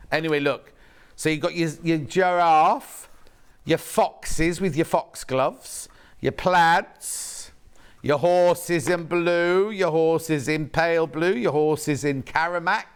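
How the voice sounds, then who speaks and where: His voice is on the high side and a bit bright as he presents a live sales demonstration on a shopping channel from a TV studio. He chats his way through the fabrics, reading viewer messages as they come in.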